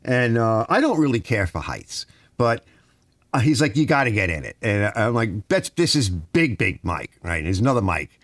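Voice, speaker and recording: A middle-aged man chatting on a relaxed live stream, rambling from one story to the next and tossing in "right?" and "you know" all the time. His pitch swings a lot as he talks, rising high when he gets worked up. The sound is dry and close, with no room around it. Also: normal speed, no echo. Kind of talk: casual live-stream chat.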